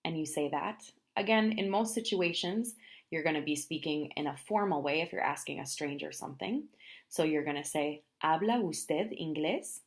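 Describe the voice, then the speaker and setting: A woman teaching travel phrases in a language lesson, explaining each phrase and then saying it slowly, often twice. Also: low-pitched. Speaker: Spanish teacher.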